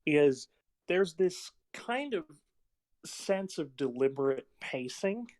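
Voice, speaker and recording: A man's voice: fairly high pitch, big pitch swings, slow pace, a little mellow, no room sound. A man hosting a casual film podcast, telling stories in a rambling way with plenty of fillers. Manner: rambling anecdotes with many fillers. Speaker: podcast host.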